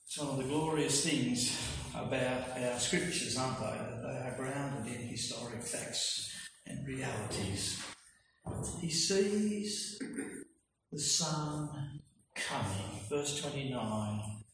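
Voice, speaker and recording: A man preaching a sermon, emphatic and full of rhetorical questions, with slow, stressed phrases. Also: medium pitch, fairly bright tone. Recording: echoey hall from far off, faint noise.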